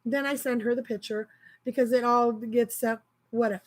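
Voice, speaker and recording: A woman grocery shopper telling a story in a casual, animated, exasperated way. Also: on the high side, normal speed.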